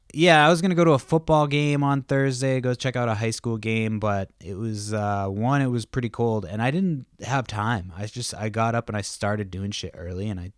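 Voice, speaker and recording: His voice sits on the low side as this man in his thirties hosts a home podcast, kids within earshot. Casual and profane, he wanders off on tangents and interrupts himself, captured in a dry, clean studio recording.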